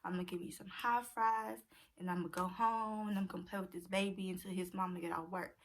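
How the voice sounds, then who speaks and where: A woman's voice: lowish voice, fairly even intonation, quick pace, a little hiss or hum. A young woman telling a personal story to her viewers in a casual, chatty way. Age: young adult. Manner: chatty, addresses viewers directly as y'all. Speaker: vlogger.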